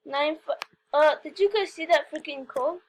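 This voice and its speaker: A woman giving excitable gameplay commentary, talking straight to viewers and often breaking into squeals and repeated cries. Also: high-pitched, normal speed, slight background noise. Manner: talks straight to viewers, frequent "okay, guys". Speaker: gaming video host.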